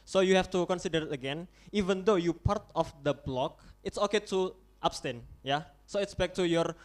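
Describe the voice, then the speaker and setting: Chairing a model UN roll-call vote in English, a young man with an Indonesian accent speaks in a high, slightly raised voice. He halts as he goes, restarting and correcting himself.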